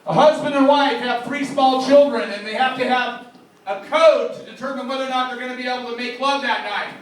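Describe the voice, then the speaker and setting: Man, stand-up comedian, rapid-fire old-school gags, live venue, very roomy sound. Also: extremely high pitch, steady tone. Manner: rapid-fire old-school joke delivery with a repeated tag line. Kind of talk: live stand-up joke telling. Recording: very echoey room, voice from far off.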